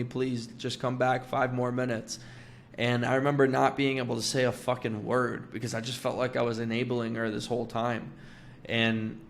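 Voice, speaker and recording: A young man recounts a painful memory in a candid, blunt way, his speech full of swearing and "like". His pitch stays flat and even, with little rise or fall. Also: vocal fry, a little hiss or hum. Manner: blunt, swears often, fillers like "like". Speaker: vlogger telling a personal story. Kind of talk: candid personal storytelling.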